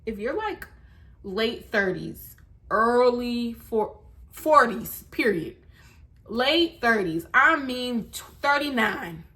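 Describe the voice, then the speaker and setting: A woman's voice: a little high, animated, slow, sharp tone. A woman in her late twenties, vlogging candidly to viewers from her bed at night, tearful and sad, rambling as she talks to them directly. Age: 20s. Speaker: lifestyle vlogger. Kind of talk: candid vlog to camera. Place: bedroom at night.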